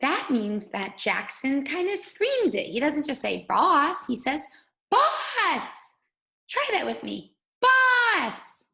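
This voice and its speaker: A woman teacher leading a guided reading lesson for young children, speaking slowly and patiently. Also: high voice, sing-song, gravelly, pushed and bright, low-quality recording. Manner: slow, patient, sing-song teacher voice.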